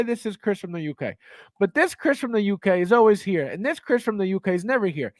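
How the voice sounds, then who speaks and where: A man hosting a casual livestream, reading viewer comments and talking straight to his chat, excitable and quick to laugh. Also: high voice, dry recording, studio quality. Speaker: livestream host and toy collector.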